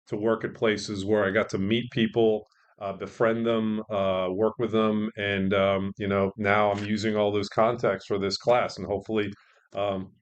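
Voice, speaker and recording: A middle-aged man with a low-pitched voice talks through his stories in a loose, rambling way. He jokes at his own expense and often restarts his sentences. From born in England, raised partly in Israel, then the US. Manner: self-deprecating, joking, rambling with restarts. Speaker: guest, sports media veteran and professor. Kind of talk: casual podcast interview.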